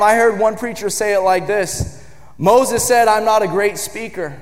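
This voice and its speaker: A man preaching a sermon, moving from quiet, measured passages to shouted declarations. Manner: builds from low, measured speech to shouted emphasis. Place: church sanctuary. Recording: church hall with long reverb.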